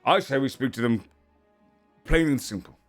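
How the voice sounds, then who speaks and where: A man voicing a stern male councillor who bluntly warns a party of adventurers to keep quiet. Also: medium pitch, normal speed, faint music behind, voice pushed up, natural voice. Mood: threatening. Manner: blunt, commanding.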